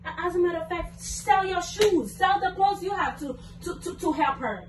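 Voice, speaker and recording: A young woman with a very high voice argues angrily, swearing and repeating her lines as her temper climbs. She sounds a little way off from the mic in an echoey room, with faint noise behind her. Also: normal speed, recorded from a distance. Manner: angry, cursing, repeats herself, rising to shouts. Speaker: vlogger, girlfriend in a prank video. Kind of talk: heated casual argument.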